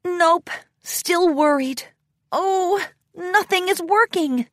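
A woman voicing a fretful young female pony princess in a storybook reading, with high, worried self-talk. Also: takes it slowly, a bit bright, no echo, clean studio sound, full character voice. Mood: nervous. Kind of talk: storybook read-aloud.

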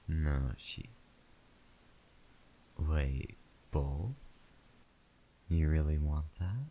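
A man in a whispered role-play, talking slowly and intimately to the listener in a breathy whisper broken by moans. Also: a bass voice, warm tone, slight background noise. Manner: slow, intimate, second-person address. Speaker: erotic audio performer.

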